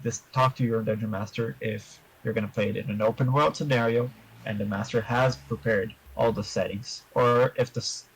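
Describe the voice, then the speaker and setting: A man answering interview questions about his tabletop game in a measured, explanatory way, giving advice to other players. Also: medium pitch, steady tone, husky, rough recording.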